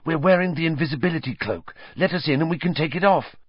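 A man's voice: a little high, quick pace, slightly rough, dry recording, dull audio, voice pushed up. A man voicing an earnest teenage wizard boy who speaks in urgent hisses and fierce questions in a storybook reading. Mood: hissing. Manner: urgent and hissing.

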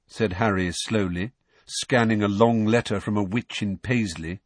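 A man narrating an audiobook in an expressive storytelling manner. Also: fairly low pitch, moderate pace, dry recording. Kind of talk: scripted narration.

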